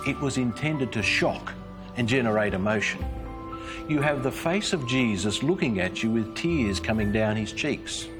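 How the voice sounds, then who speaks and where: A man giving a scripted devotional presentation, telling it in an earnest, measured storytelling manner. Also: mid-range voice, lively intonation, over music. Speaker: Christian speaker.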